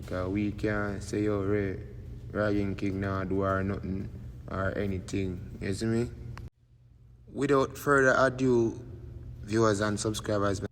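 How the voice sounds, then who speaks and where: Gravelly low Jamaican man commentating. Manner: rambling, constant "you see me" tags. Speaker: YouTube commentator. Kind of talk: casual commentary. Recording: long reverb, faint background noise.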